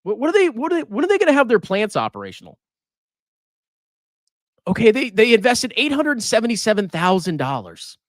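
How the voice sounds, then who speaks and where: A man's voice: high voice, wildly swooping pitch, fairly quick, pauses often, no room sound, clean studio sound. A man ranting sarcastically as he reviews a stock on a personal finance live stream, insulting the buyers.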